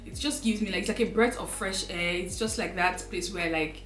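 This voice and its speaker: A young woman with a fairly low voice talks through a heartfelt sit-down update, wandering through her thoughts with lots of fillers. She sounds close to tears and emotional. Her voice rings in a roomy, echoey space with faint music underneath. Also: a little fast, a bit bright. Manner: rambling, filler-heavy, heartfelt. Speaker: lifestyle vlogger.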